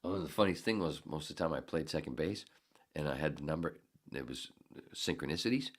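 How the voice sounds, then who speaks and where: A man's voice: extremely low pitch, lively intonation, fairly quick, breathy edge. A man in his fifties, a podcast host, telling a story in a casual, heated and profane way. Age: 50s.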